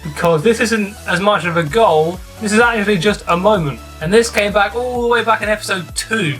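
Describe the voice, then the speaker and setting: Bright-voiced young man narrating a countdown. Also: sits high, a little fast, far from the mic, soft background music. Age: young adult. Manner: chatty, wry. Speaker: gaming YouTuber. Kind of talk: voice-over countdown commentary.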